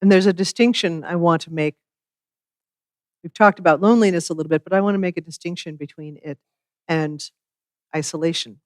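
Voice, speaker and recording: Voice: mid-range voice, fairly quick, pauses often, no room sound. Reflective minister, dry close sound. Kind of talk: sermon.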